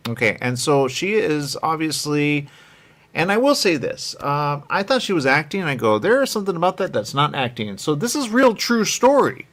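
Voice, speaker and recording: A man's voice: on the high side, very animated, moderate pace, fairly bright tone. A man interviewing a filmmaker in a casual, rambling way, often acting out little quotes as he talks.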